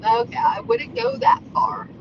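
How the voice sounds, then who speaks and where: Loud, gushing woman calling in from a car. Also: very high-pitched, sing-song, measured pace, muffled recording. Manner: loud, gushing, profane, laughs often. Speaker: podcast co-host calling in. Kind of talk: casual chat while driving. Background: road noise.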